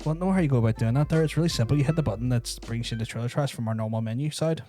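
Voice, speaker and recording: A man's voice: medium pitch, rapid-fire, dark tone, soft background music. A man hosting a podcast, chatting casually over gameplay with crude, teasing jokes. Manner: crude, teasing banter with mock voices. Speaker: podcast host.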